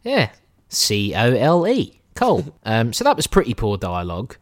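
Animated man in casual film chat. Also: mid-range voice, moderate pace, no room sound, clean studio sound. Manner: laughs often, swears casually, rambling asides. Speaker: podcast co-host reviewing films.

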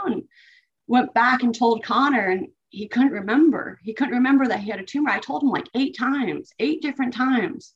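A woman's voice: on the high side, animated. Emotional woman telling a hard story. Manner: halting, emotional, with many fillers. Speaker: guest. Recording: dull lo-fi audio.

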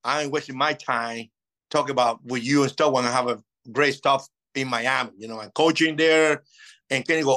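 Bright-voiced man telling stories in an interview. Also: medium pitch, normal speed, low-quality recording. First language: Spanish. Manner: animated, acts out past dialogue. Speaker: interview guest. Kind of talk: casual storytelling interview.

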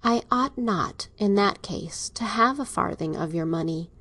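A woman reading as a timid, gentle young daughter. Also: medium pitch, lively intonation, a little slow, no echo. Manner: soft, hesitant. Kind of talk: audiobook reading.

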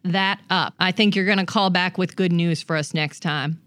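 A woman's voice: lowish voice, steady tone, normal speed, a bit bright. A woman hosting a comedic dating advice show, coaching a guest in a brash, bossy way. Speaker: host.

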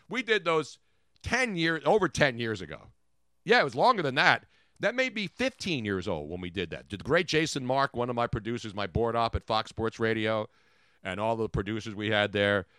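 Middle-aged guy hosting radio, animated jokey riffs, bouncy voice, dry studio sound. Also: medium pitch, dry recording. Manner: animated, joking, rambling riffs. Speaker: radio show host. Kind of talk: casual comedic radio banter.

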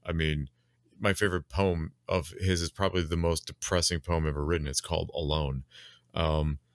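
A man's voice: a bass voice, little pitch movement, normal speed, no echo, studio quality. A man in casual conversation, talking in a reflective, rambling way with many fillers. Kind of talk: casual chat.

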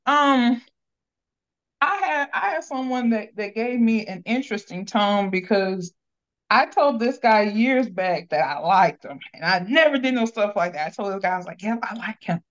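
A woman's voice: medium pitch, lively intonation, normal speed, muffled recording. A woman chatting on a podcast, retelling a story playfully with quoted voices. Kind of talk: casual chat.

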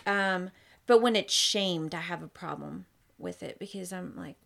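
A woman's voice: on the low side, measured pace, gravelly, a bit bright. A woman speaking on a casual podcast, blunt and candid, with a loose-mouthed way of talking. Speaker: podcast guest.

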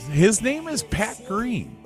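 A man's voice: sits high, huge pitch swings, takes it slowly, faint music behind. A man co-hosting a podcast, telling rambling stories in casual chat and swearing freely, with a northern US accent. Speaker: podcast co-host. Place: Texas.

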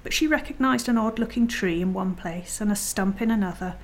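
A woman reading a children's chapter book aloud as a bedtime story, in a gentle, quiet, even voice. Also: mid-range voice, a little fast.

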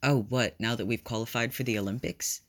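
A man's voice: brisk, natural voice. A man reading fan fiction aloud, voicing a cheerful, teasing young volleyball player with a raised, bouncy voice. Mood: breezy. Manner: bright, bouncy, raised pitch.

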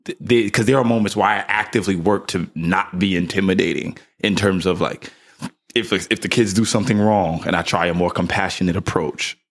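A man with a somewhat low voice talks casually on a podcast. He muses aloud, stacking "like" and "right?" as he works through a thought. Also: brisk. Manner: relaxed, musing, with frequent "like" and "right?" tags. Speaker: podcast co-host, father. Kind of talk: casual chat.

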